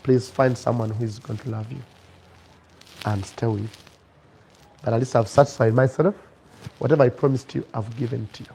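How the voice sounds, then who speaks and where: A man voicing a remorseful young husband saying farewell, quiet, low and pleading. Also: steady tone, measured pace, long pauses, slight background noise, close to an everyday voice, poor audio. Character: remorseful dying young husband, soft and tender.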